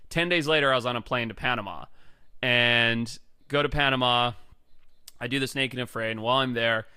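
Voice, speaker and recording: A man's voice: mid-range voice, a little fast, clean tone, no room sound, clean studio sound. A man, a guest on a podcast, telling casual stories full of swearing, saying "like" constantly and acting out the people he quotes. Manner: profane, animated, acts out quoted people; heavy use of filler "like". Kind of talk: casual storytelling.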